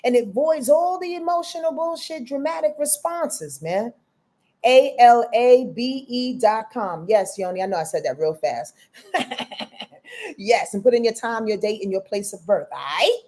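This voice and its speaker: A woman's voice: a little high, animated, measured pace, a little mellow. A woman hosting a live astrology stream, talking to viewers in an emphatic, casual and profane way. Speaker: astrology reader and host.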